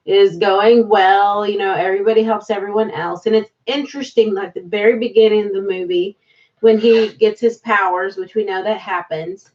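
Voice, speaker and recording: A woman co-hosting a casual movie podcast, chatty and animated with quick asides. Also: medium pitch. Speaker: podcast co-host. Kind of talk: casual chat reviewing movies. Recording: distant, dull-sounding mic.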